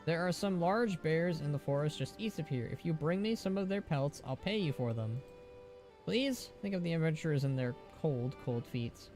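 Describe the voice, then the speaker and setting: A man's voice: a little high, lively intonation, moderate pace, a little mellow, soft background music, voice pushed up, lightly acted. A man voicing a harried innkeeper in a game, reading quest text in a lightly dramatic way. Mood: fretful.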